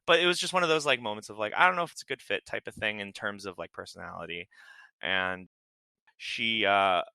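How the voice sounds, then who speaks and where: A man's voice: lowish voice, a little fast, gravelly, bright, forceful tone, clean tone, no echo. A man chatting casually on a podcast, rambling with many fillers and frequent laughs. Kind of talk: casual chat.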